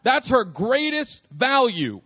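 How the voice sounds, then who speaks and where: A man preaching a lively, humorous sermon, repeating phrases for emphasis and calling out to his listeners. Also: very high-pitched, slow. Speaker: pastor.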